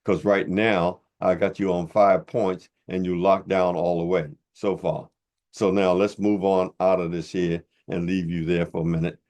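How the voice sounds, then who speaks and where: Older male commentator with a very deep voice, preacher-like, mocking and blunt in a heated rebuttal. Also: little pitch movement, moderate pace, darkish tone. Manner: blunt and informal. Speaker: religious commentator.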